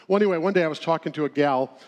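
Middle-aged guy with a pretty high voice, folksy church talk, chuckles while telling stories. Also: racing. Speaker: speaker at a church seminar. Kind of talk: humorous sermon-style talk.

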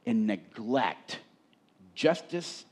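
A male pastor preaching a sermon who asks the congregation to fill in words and rises into animated scripture reading. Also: mid-range voice, drawn-out words, slightly rough.

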